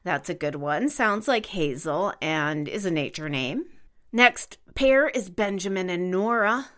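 A woman's voice: on the low side, animated, measured pace, a bit bright. A woman co-hosting a casual podcast chat, reading out listener suggestions and spelling names letter by letter. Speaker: podcast co-host.

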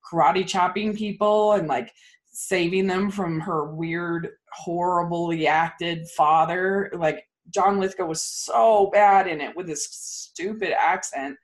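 A woman co-hosting a casual movie review chat, ranting in animated, fast bursts. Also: lowish voice. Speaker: podcast co-host.

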